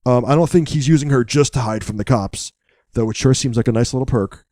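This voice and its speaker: A man co-hosting a podcast, recapping a film in a casual, wry, joking way with deadpan asides. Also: medium pitch, fairly quick, dry recording, studio quality.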